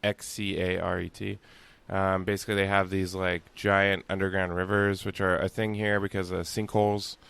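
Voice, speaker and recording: Deep-ish gravelly guy, kinda monotone, rambling casual podcast chat, dry close mic. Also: moderate pace, dry recording. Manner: relaxed, rambling storytelling with frequent fillers. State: on vacation, upbeat. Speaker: podcast co-host. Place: hotel room.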